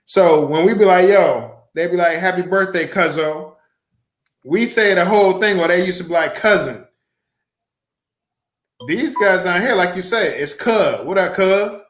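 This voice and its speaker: Slangy storytelling man, slightly high voice, echoey room, casual podcast co-host. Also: moderate pace. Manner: storytelling, laughs often, slangy. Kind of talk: casual chat. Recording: roomy echo.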